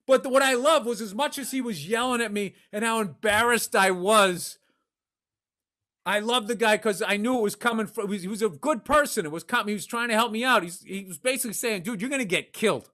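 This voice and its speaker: A middle-aged podcast host from Massachusetts spins a rambling, profane story at his own expense. His voice is high-pitched, bright and pushed, and he talks fairly quickly in this storytelling chat.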